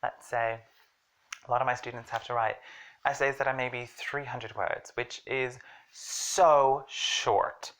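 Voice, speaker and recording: Very low-voiced woman teaching English. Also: fairly even intonation, slow. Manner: chatty, jokey, emphatic explaining. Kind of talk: casual online language lesson.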